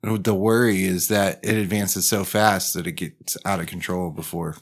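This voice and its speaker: A man's voice: low-pitched, fairly even intonation, normal speed, husky. A man co-hosting a podcast, talking in loose, rambling casual banter and laughing often. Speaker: podcast co-host.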